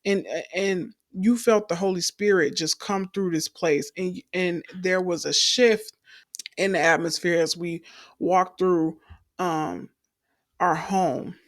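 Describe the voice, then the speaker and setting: A woman's voice: fairly low pitch, steady tone, slow pace, no room sound, studio quality. A young adult woman, telling her personal faith testimony in an earnest storytelling way and calling the listeners y'all. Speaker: testimony speaker.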